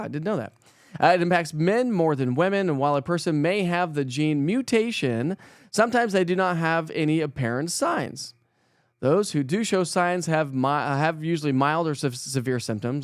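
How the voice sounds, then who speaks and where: With a voice on the high side, this Coloradan chats through a relaxed morning weather stream, mocking himself, laughing a lot, and stumbling verbally. The recording is clean studio sound with no echo.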